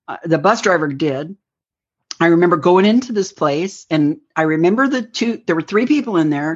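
A woman's voice: on the low side, slightly rough. Woman telling a rambling story, lo-fi. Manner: rambling, acts out quoted lines. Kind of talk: personal storytelling. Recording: dull lo-fi recording.

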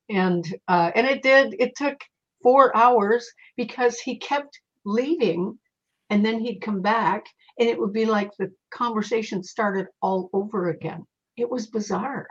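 A middle-aged woman, a psychic medium, telling stories in an interview in a casual, animated way and acting out the voices she quotes. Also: medium pitch, a little slow. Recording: slightly dull lo-fi recording.

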